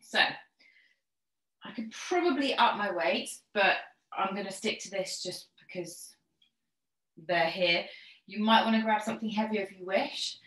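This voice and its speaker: An unhurried woman with a mid-range, slightly bright voice pauses often as she runs an online pilates class. The room is echoey; she cues every step and counts reps in an encouraging way, a little short of breath, as a fitness instructor would.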